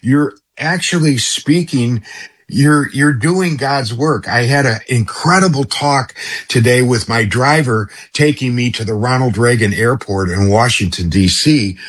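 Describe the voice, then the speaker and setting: A middle-aged man, himself a former radio host, appears as a guest on a talk radio show, effusive and rambling, often restarting his sentences. He has a mid-range voice, slightly rough, speaking a little slowly.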